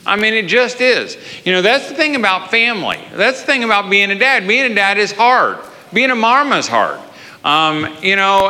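A middle-aged man telling a family story in a sermon, animated, his voice climbing high when he gets worked up. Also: in a large hall. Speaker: speaker at church.

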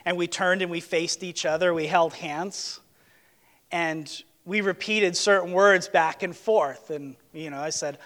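A man's voice: high voice, steady tone, measured pace, a bit bright, in a large hall. A man preaching a sermon in a church, earnest and emphatic, repeating his key words. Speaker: pastor. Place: church sanctuary, on a platform.

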